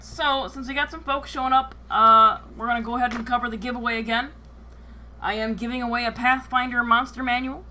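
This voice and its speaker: A woman's voice: a little high, bright, forceful tone, a little hiss or hum. A woman game master on a live stream, joking casually, swearing, and filling her talk with "uh.". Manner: filler-heavy, joking, swears freely.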